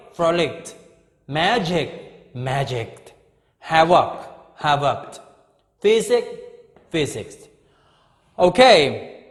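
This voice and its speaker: A middle-aged man teaches English grammar in a high, slow voice. He repeats each word several times and keeps checking in with "okay?". The recording sounds echoey, with a long reverb. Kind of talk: grammar lesson.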